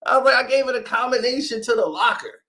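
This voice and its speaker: A man in his thirties hosts a casual chat, telling an animated story in which he acts out the voices of the people involved and laughs often. His voice is very high and he talks fast.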